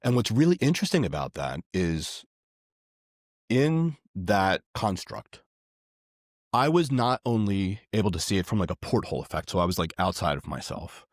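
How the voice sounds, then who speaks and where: A man's voice: low voice, very animated, moderate pace, dry recording, clean studio sound. A man guest in a casual conversation, earnest and rambling, with many fillers and restarts. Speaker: podcast guest.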